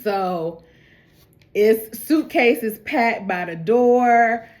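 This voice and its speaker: A woman casually retelling a TV episode in an animated, slangy storytelling manner. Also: fairly high pitch, extremely slow. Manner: animated, slangy, laughing asides. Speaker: TV recap host.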